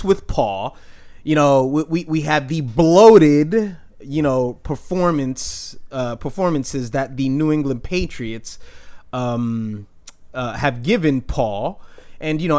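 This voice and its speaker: A young man hosting a casual fantasy football recap, rambling with frequent restarts and crude jokes. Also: medium pitch. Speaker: fantasy football league host. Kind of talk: casual trash-talking recap.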